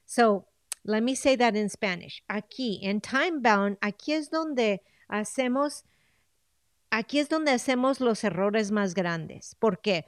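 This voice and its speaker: A woman's voice: fairly high pitch, expressive, unhurried, dry recording, clean studio sound. A woman coaching her audience on goal setting, switching between English and Spanish with a coaxing manner and repeated phrases. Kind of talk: bilingual coaching talk.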